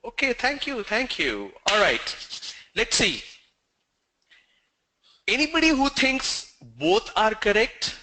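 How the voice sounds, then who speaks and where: A man, teaching pronunciation in an online training session and explaining with slow, stressed examples. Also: sits high, sing-song, sharp tone, low-quality recording.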